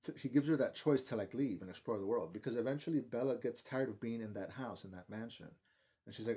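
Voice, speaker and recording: A man's voice: mid-range voice, fairly quick, darkish tone. A man giving a casual, rambling film review, swearing often and filling his talk with "like". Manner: rambling, profane, heavy use of "like".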